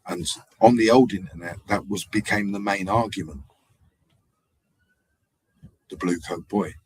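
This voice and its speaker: A man drifts through a meandering live-stream monologue, circling back and repeating himself. His voice sits low and has a husky edge. The sound is dry and close. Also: a little slow, no room sound, poor audio. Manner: digressive, hesitant, repeats himself. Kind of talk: rambling casual monologue.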